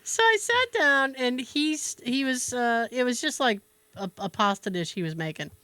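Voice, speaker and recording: A woman's voice: a little high, normal speed, no echo. A woman podcast host telling a family story in casual chat, acting out quoted dialogue. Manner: animated storyteller who acts out quoted dialogue and laughs often.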